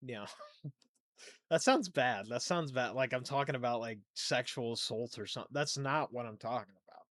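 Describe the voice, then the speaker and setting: In a dry recording, a young man speaks at normal speed in a slightly bright, mid-range voice. He rambles self-deprecatingly on his solo podcast, mumbling at times before becoming emphatic.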